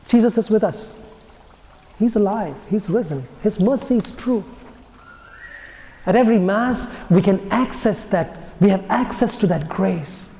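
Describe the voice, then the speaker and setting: A man, a priest, giving a homily as an earnest storyteller whose phrases soften and fall away at their ends. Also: high voice, a little slow, vocal fry. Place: church. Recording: echoey church with long reverb.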